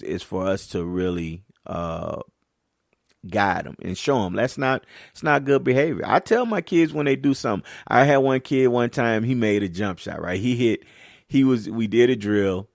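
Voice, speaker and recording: Gravelly low-voiced man coaching on a podcast. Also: normal speed, no room sound, clean studio sound. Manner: candid, storytelling, animated when riled up; slips into casual Southern-leaning American speech (y'all, ain't). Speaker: podcast host and youth basketball coach. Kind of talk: casual podcast monologue.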